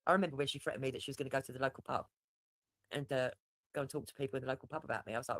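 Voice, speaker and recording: A fast-talking man chats on his own livestream, rambling from story to story and swearing without a second thought. His voice sits close and dry, with no room around it. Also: medium pitch, a bit bright, no room sound. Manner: rambling, swears freely, laughs at himself. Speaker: livestream host. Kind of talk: casual livestream chat.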